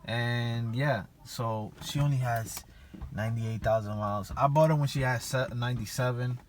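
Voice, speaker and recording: Slight background noise sits under this young man's mid-range voice as he chats at a moderate pace for a laid-back home vlog, standing outdoors by his car in the yard. His car talk wanders, stuffed with fillers and a constant "and yeah."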